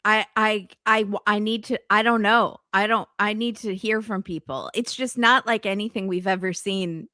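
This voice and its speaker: A woman's voice: medium pitch, steady tone, moderate pace, hardly any pauses, pushed and bright, no room sound, studio quality. A woman co-hosting a casual chat, throwing in wry, chatty asides. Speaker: podcast co-host.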